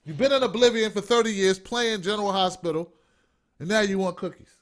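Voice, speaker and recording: A man's voice: sits high, fairly even intonation, fairly quick, fairly bright tone. A man hosting an online show, ranting with sarcastic, profane commentary. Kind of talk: livestream commentary rant.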